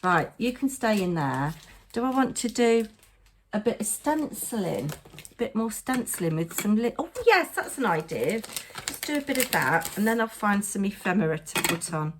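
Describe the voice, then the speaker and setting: A woman's voice: medium pitch, big pitch swings, moderate pace, noisy background. A tired woman giving a chatty crafting narration, muttering to herself with playful asides.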